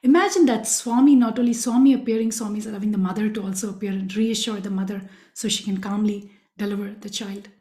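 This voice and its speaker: A woman's voice: medium pitch, fairly even intonation, fast, mellow. A woman giving an earnest devotional storytelling talk, speaking directly to her listeners. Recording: echoey room.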